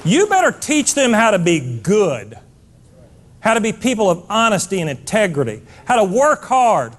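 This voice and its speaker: Brief: middle-aged male motivational speaker, high-pitched, blunt and emphatic, lively swings in pitch, on stage. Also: moderate pace. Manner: blunt, emphatic, addresses the audience as folks. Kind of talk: keynote speech. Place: stage before a live audience.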